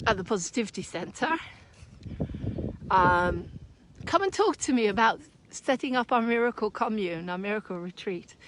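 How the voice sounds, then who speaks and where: An exuberant woman vlogging outdoors on a green, whooping, laughing and breaking into song. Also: a little high. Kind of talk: casual outdoor video chat.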